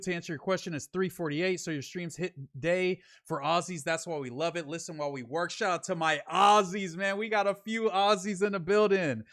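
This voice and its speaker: Young male streamer from Northern California, a little high-pitched, loose and slangy while he reads out chat and replies, recorded dry and close. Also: fairly bright tone, dry recording. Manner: loose, slangy, reads super chats aloud and answers them. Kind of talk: casual livestream chat.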